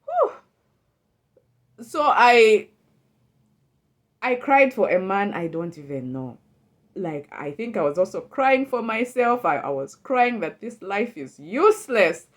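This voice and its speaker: Animated woman telling a personal story. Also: mid-range voice, takes it slowly, long pauses. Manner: animated and emotional, repeats words, restarts often; acts out her own past thoughts in a livelier voice. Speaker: storyteller recounting a personal experience.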